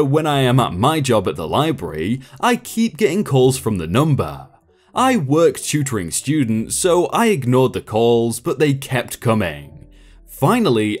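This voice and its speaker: A man reading online stories aloud with an expressive storytelling delivery. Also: medium pitch. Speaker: story narrator.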